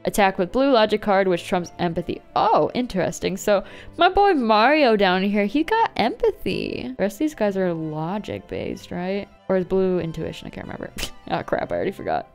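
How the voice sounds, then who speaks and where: Woman gaming youtuber, excitable and jokey, riffing through a game, faint music behind. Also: medium pitch, normal speed. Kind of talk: let's-play commentary.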